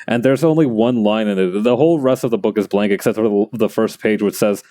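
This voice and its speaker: Mellow-voiced man joking while crafting. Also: lowish voice, fairly quick. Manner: joking, rambling, laughs often. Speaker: streamer. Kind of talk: casual chat while crafting.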